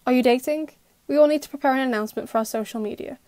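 A woman voicing a stern, reserved middle-aged father in an audio story, speaking in a formal, clipped, quiet way. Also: sits high, rapid-fire, no echo, lightly acted. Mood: formal, subdued.

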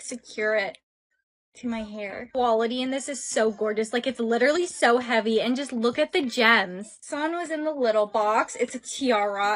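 A young woman content creator gushing in a chatty, casual way as she shows off products into a phone mic. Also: fairly high pitch.

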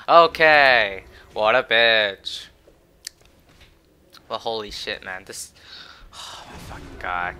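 A man's voice: lowish voice, lively intonation, slow, long pauses, clear, resonant tone. Foul-mouthed man raging over his gameplay. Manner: profane, swings from muttering to shouting taunts. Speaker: gamer commentating his own match.

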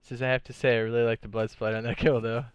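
A man giving live, excitable commentary while streaming a game, swearing and laughing often. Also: medium pitch, rapid-fire, clear, resonant tone, muffled recording.

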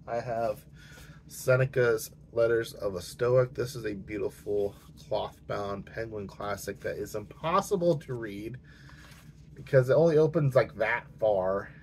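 A man's voice: mid-range voice, a little slow, slight background noise. A man hosting a book channel, talking casually to camera in a rambling, hesitant way with many fillers and restarts, and he has the hiccups.

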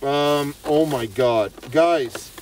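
A man hosting a casual chat while eating in a car, excitable and cursing freely. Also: a little high, drawn-out words. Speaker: host. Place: inside a parked car. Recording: distant mic in a car, faint noise.

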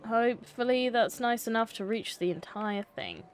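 A woman's voice: a little high, moderate pace. A young woman streaming a game, chatting to herself and to the characters on screen. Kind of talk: casual gameplay commentary.

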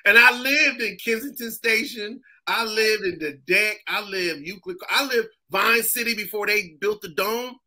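Bright-voiced man telling animated stories. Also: sits high, measured pace, hardly any pauses. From Massachusetts. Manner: animated storyteller, acts out other people's voices. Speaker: comedian guest. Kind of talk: casual chat.

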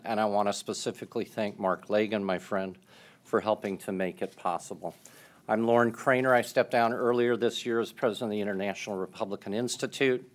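A man with a fairly low voice opens a public event as moderator. He reads a formal, measured introduction of the guest, polite and orderly. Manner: measured, polite, reading prepared remarks.

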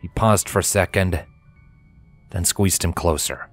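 Deep-voiced man narrating a story. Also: unhurried, pauses often, faint music behind. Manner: expressive storytelling. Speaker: fanfiction reader. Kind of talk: audiobook narration.

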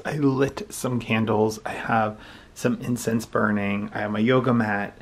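A young man chatting casually in a home vlog, relaxed and quietly upbeat. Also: on the low side. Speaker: vlogger.

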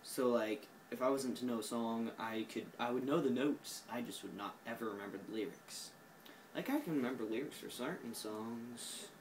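A man's voice: medium pitch, normal speed, slight background noise, poor audio. A tired man with an Oklahoma accent, rambling goofily through a casual vlog monologue recorded on a phone while sitting indoors. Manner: goofy, drifting, self-mocking. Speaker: vlogger.

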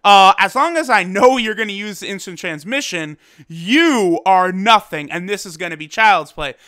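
A man's voice: high-pitched, lively intonation, normal speed, pushed and bright, smooth. A man quoting a smug, condescending alien villain in his own voice while reviewing an episode.

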